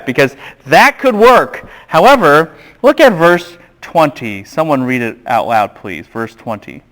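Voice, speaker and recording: A man giving a classroom Bible lecture, animated and quizzing the students with questions. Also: on the high side, measured pace, few pauses.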